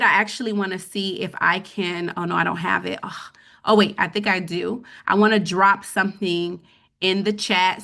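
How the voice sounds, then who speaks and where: A woman's voice: mid-range voice, vocal fry, a bit bright. Woman host for a live money webinar, casual, keeps asking "okay?" to check in with viewers. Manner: conversational, checks in with the audience with frequent "okay?". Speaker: webinar host teaching personal finance.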